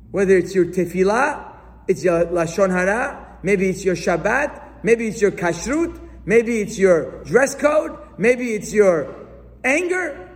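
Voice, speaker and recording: Male preacher, high and very animated, acts out the people he talks about; reverberant hall sound. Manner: animated, acts out questions and excuses in different voices. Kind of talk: sermon to a live audience.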